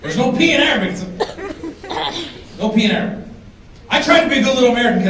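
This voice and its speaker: A man doing stand-up comedy, animated and teasing the audience, sometimes shouting his punchlines. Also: very high voice, rapid-fire, long pauses, noisy background. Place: large hall with a live audience. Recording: echoey hall, distant mic, crowd.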